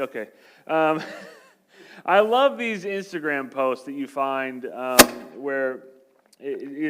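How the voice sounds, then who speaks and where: A man's voice: on the high side, a bit bright, clean tone. Joking, conversational man preaching a sermon. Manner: conversational and joking, acting out quoted voices. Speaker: pastor. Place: church sanctuary.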